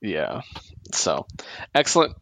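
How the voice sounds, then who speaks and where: A man's voice: sits low, wildly swooping pitch, slow pace, creaky, a bit bright. A man co-hosting a podcast, recapping comics in an enthusiastic, rambling casual chat. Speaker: podcast co-host.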